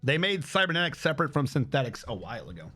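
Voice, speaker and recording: A male streamer giving rambling, excitable gameplay commentary with lots of fillers. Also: mid-range voice, quick pace, soft background music.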